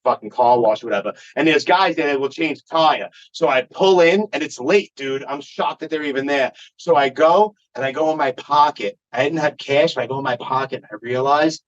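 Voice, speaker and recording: A man's voice: fairly high pitch, a little fast, few pauses. A man, a podcast guest swearing freely as he tells a rambling story in casual conversation. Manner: profane, rambling anecdote-telling. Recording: dull lo-fi recording.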